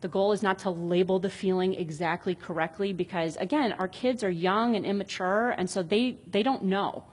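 A woman's voice: medium pitch, moderate pace, hardly any pauses, breathy edge. A woman in her thirties in a casual talk about parenting, reading out example conversations in a chatty, reflective way.

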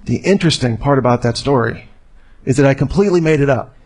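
A man's voice: medium pitch, quick pace, background noise. A man speaking to a live audience in a conversational, storytelling way with rhetorical questions.

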